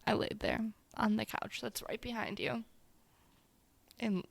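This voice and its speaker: A woman's voice: mid-range voice, sing-song, unhurried, creaky, no room sound. A young woman co-hosting a podcast in casual chat, teasing and playful. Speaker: podcast co-host.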